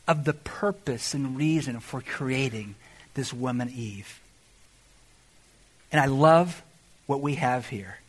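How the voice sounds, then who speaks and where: A male pastor delivers a sermon in a high, lively voice that rises and falls widely. His tone is bright with a husky edge, and he swings from shouted exclamations to soft asides.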